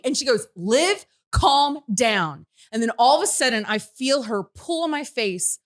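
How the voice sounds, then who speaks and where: Animated woman telling a story. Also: fairly high pitch, moderate pace, hardly any pauses. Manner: lively, laughing, shouts quoted lines. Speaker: show host. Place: radio studio.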